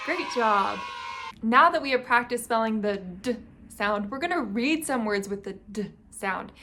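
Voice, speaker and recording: A woman teaching young children to read, sounding out each sound slowly and clearly and prompting them to join in. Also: fairly high pitch, expressive, sharp tone, a little hiss or hum. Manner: slow, clearly sounded-out speech with encouraging prompts. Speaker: reading teacher. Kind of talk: phonics lesson for young children. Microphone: camera mic, teaching at a whiteboard.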